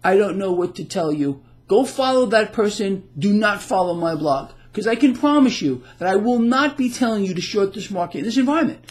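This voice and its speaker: A man's voice: high voice, lively intonation, a little fast, hardly any pauses. A man delivering heated solo market commentary, agitated and emphatic, often repeating himself as he rants.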